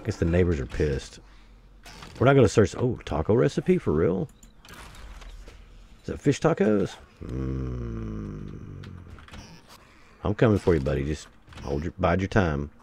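A man giving excitable commentary while playing a survival game, taunting enemies and breaking into sudden loud outbursts. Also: sits low, normal speed, pauses often, slight background noise. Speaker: gameplay streamer. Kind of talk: let's play commentary.

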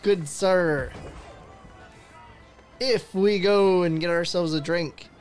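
A man playing a gruff, drunken male pirate captain, talking pirate slang. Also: sits high, takes it slowly, faint music behind. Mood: hearty. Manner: pirate talk with arrs.

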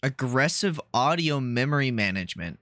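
A man's voice: mid-range voice, normal speed, dry recording, studio quality. A man casually commentating as he plays a computer game, rambling and hesitant. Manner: rambling, hesitant, full of ums and excited asides. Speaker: streamer.

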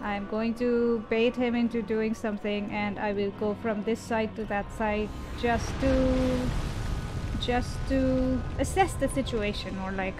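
High-pitched woman calmly talking thru a game, lots of little laughs, music underneath. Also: measured pace. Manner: chatty, laughs often, talks to the boss. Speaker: gaming video host. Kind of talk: live gameplay commentary.

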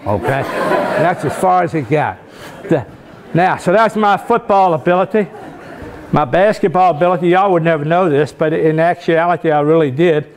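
Folksy older man telling stories. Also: on the high side. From Richmond, Virginia, US. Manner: folksy, self-mocking humor, keeps checking in with "okay?". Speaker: guest speaker, former football coach. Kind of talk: storytelling leadership talk.

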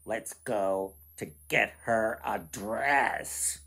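A man's voice: extremely slow, vocal fry, pushed and bright, slightly rough, heavily acted. A man voicing a gang of hideous goblins that shriek and chant their words over and over. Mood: eager. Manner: shrill, chanting, repeating words.

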